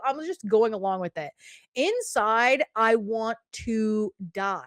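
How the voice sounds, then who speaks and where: A young woman hosting a podcast, telling a story in an animated, profane way and often checking in with "okay?". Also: on the high side, takes it slowly, no room sound, clean studio sound. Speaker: podcast host. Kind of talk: casual storytelling.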